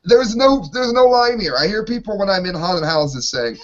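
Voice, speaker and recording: A man's voice: sits high, expressive, normal speed, few pauses. A man ranting in an exasperated way while co-hosting an opinionated panel talk show, heard over lo-fi online call audio.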